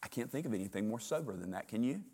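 A male pastor preaching a sermon with animated storytelling, repeating words in quick bursts. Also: lowish voice, big-room sound.

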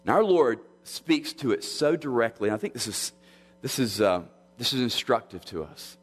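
A pastor preaching an expository sermon, measured and earnest, often restarting his phrases. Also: mid-range voice, expressive, husky. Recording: long hall reverb.

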